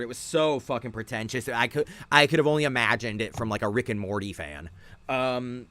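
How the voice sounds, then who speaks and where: A man's voice: lowish voice, a bit bright. A man hosting a podcast, ranting casually with constant swearing and irritation. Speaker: podcast host.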